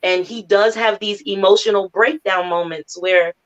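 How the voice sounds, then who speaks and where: A woman's voice: mid-range voice, fairly even intonation, moderate pace. A woman in her thirties, a mother of four, speaking earnestly and candidly as a guest on a talk show and often quoting her family. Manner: earnest, laughs often, quotes family members. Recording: dull lo-fi audio.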